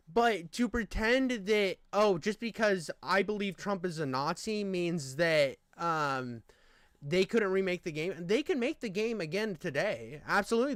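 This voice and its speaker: Exasperated and swearing, a young man rants about a video he's watching, his heated casual talk full of fillers and restarts. His voice sits high and is a bit bright, and the recording is dry.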